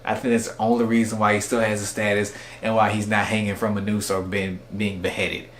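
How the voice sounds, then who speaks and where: A man's voice: on the low side, level tone, a little fast, a bit bright, slight background noise. A man casually recapping and reviewing an anime episode, rambling with lots of "like" and "you know". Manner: rambling, filler-heavy with frequent "like". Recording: echoey room.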